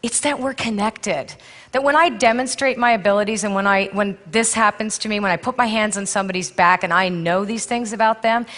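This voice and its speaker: A woman's voice: medium pitch, fairly bright tone. A middle-aged woman giving a candid, storytelling conference talk to a live audience, laughing often as she speaks. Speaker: intuitive counselor and speaker. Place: stage in a large hall. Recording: long hall reverb.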